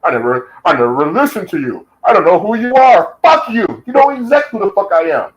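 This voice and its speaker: American guy going off in a rant, swearing a lot, kinda high-pitched voice. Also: sing-song, a little fast, dull audio. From United States. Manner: heated, profane, combative. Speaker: YouTube commentator. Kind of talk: angry reaction rant.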